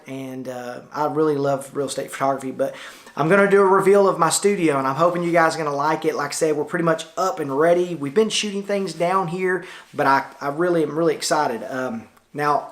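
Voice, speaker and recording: Middle-aged Tennessee man, slightly high voice, chatty folksy vlogger, indoor studio, on-camera shotgun mic. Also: fairly bright tone. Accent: Tennessee Southern. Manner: folksy, chatty, loose with many fillers. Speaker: photographer vlogger. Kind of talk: casual rambling vlog talk. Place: lounge area of his studio, indoors. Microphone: camera-mounted shotgun mic.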